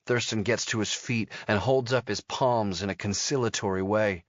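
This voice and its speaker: A male audiobook narrator with a low voice, telling the story in a steady, measured way. The recording is dry, with a slightly dull, muted top end. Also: dry recording. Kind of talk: scripted narration.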